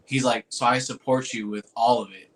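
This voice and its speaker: This man speaks at a moderate pace in a medium pitch with little pitch movement. His personal story rambles casually, full of "like" and "dude" and free swearing, and he gets earnest and emotional recalling moving moments.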